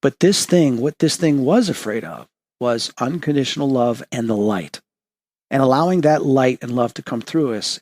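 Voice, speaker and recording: A man's voice: mid-range voice, darkish tone. A man hosting a paranormal talk show, earnestly telling a personal dream story and acting out the voices in it. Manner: earnest, acts out voices in his retelling. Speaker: host.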